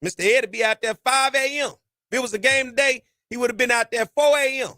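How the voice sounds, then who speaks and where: Man, podcast host, high and bright, dry close sound. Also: quick pace, no room sound. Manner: animated, preachy, folksy slang. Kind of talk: casual sports talk.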